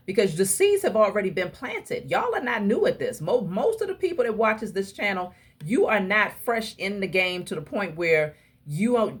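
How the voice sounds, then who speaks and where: A woman with a low, husky voice reads tarot cards for her viewers. She speaks emphatically, like a preacher, and addresses her audience directly as she lays out each message. Her tone stays slightly breathy throughout. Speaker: tarot reader. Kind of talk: casual tarot reading to viewers.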